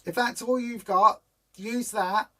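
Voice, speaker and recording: A woman's voice: a little high, fairly even intonation, slow, pushed and bright. A woman hosting a weight-loss group's live stream, chatting casually, reading out viewer comments and poking fun at her own bad puns. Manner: chatty and rambling, self-mocking about bad puns.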